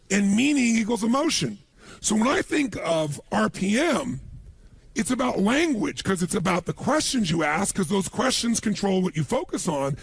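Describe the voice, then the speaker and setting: A man giving a motivational seminar talk, telling stories to an audience in an animated way and acting out the people he quotes. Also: sits high, gravelly, breathy edge, no echo. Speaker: motivational speaker.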